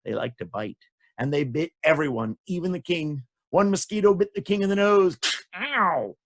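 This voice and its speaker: A man telling stories to children in an animated, sing-song way, often repeating phrases and talking to the kids. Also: fairly high pitch, a little fast. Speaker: children's storyteller.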